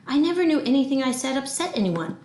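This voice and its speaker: A woman voicing a mean, volatile old grandmother who shouts sharply. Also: sits high, very animated, fast talker, reverberant, voice pushed up. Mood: apologetic.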